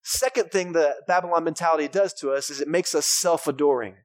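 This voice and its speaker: A man in his thirties preaches with a drawl, talking to the congregation like friends and joking with them. His voice sits a little high. The sound is dry and close, with no room echo. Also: a little fast. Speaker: pastor. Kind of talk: sermon.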